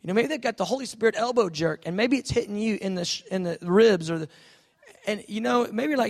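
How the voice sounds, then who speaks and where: A male pastor preaching a sermon, telling stories with lively, animated delivery and acted-out voices. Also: sits high, fast talker. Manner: animated storytelling, acting out voices, drops soft for quoted God.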